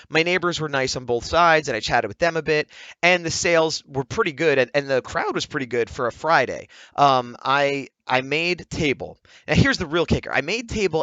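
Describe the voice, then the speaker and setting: A man's voice: mid-range voice, dry recording, lo-fi sound. A man vlogging casually, telling an exasperated story, acting out what each person said. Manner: animated, exasperated storytelling with quoted dialogue. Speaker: vlogger and comic artist. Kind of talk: casual vlog rant.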